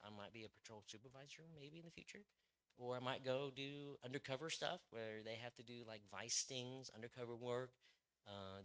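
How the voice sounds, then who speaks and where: A man's voice: on the low side, fairly bright tone, smooth. A young man, a police officer, speaking as a guest to a church group in a rambling, casual way with many fillers and restarts.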